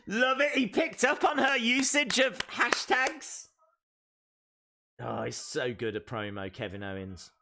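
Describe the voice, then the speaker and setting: A man hosting a live watch-along stream, reacting excitedly and calling out the moves as they happen. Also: very high-pitched, slow, vocal fry, long pauses.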